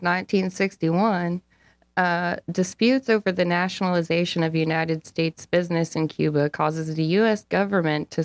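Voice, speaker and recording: A woman's voice: low voice, dry recording. A young woman co-hosting a casual podcast, reading out history dates with blunt, profane asides. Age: young adult. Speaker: co-host.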